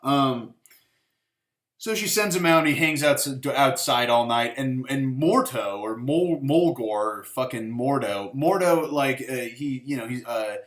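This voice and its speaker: This expressive, mid-range male voice belongs to the host of a movie review show, talking at normal speed with hardly any pauses. His casual review rambles and drips with sarcasm, packed with "like" and swearing. The recording has a roomy echo.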